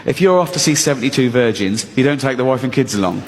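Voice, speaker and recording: A man performing a stand-up routine, animated and acting out his inner voices in shifting tones. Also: mid-range voice, quick pace, heavy background noise. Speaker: stand-up comedian. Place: comedy stage. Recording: large hall with audience laughter.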